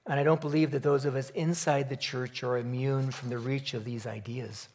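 A man giving a sermon in a relaxed storytelling manner, opening with a joke before turning earnest and reflective. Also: medium pitch, normal speed. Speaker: preacher.

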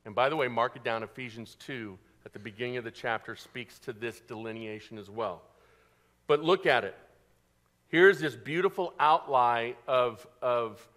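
A male pastor preaching a sermon, animated, asking the congregation questions and answering them himself. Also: medium pitch.

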